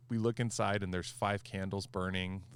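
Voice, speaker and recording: A man hosting a podcast, a property manager telling a story in a casual, animated way and acting out the quoted back-and-forth. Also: low voice, normal speed, clean tone. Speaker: HOA manager and podcast host.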